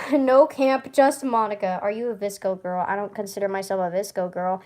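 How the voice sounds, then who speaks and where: A woman's voice: medium pitch, fairly even intonation, moderate pace, darkish tone. A woman vlogger chatting casually to camera, rambling and often stuttering and restarting. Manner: chatty, rambling, with frequent laughs.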